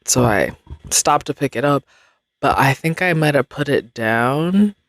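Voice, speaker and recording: Slow, rambling young woman podcaster. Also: a bass voice, expressive, no echo. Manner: rambling, laughs often, slangy. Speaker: podcast host. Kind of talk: casual chat.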